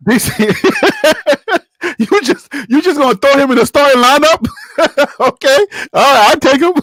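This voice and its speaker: A man's voice: extremely high pitch, very animated, slow pace, fairly bright tone, no room sound. A man hosting a casual sports panel chat, teasing the others and laughing often. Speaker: podcast host.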